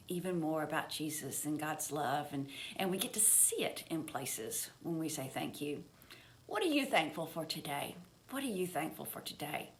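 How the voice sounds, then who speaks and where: A woman leading a church children's story, expressive and gentle, asking the children questions and dropping to soft whispers for effect. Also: on the low side. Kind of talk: reading a children's story and sermon.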